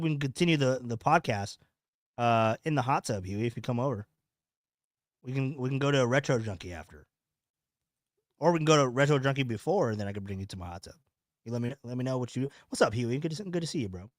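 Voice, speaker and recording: A man's voice: medium pitch, expressive, fast, dry recording, clean studio sound. A man hosting a live podcast, rambling casually and repeating his words as he chats with viewers. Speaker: podcast host. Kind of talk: casual live-stream chat.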